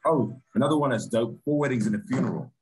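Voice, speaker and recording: A man's voice: medium pitch, animated, quick pace, darkish tone, faint music behind. A man, a film director talking casually as an interview guest, laid-back and laughing easily, with many restarts and fillers. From Britain.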